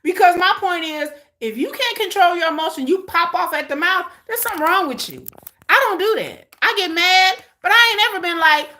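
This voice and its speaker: A woman's voice: extremely high pitch, animated, a little fast, pushed and bright. A woman hosting a casual reaction watch-along, talking bluntly and emphatically with plenty of profanity and repeated phrases for punch. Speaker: host of a live watch-along.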